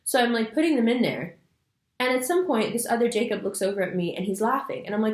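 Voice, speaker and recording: A woman's voice: a little high, fast talker. A woman talks loosely and casually, slipping into little acted-out quotes as she tells a story. Her delivery is fidgety and full of fillers. The room around her adds a noticeable echo. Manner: animated storytelling with voiced quotes. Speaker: astrology video host. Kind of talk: casual spoken monologue.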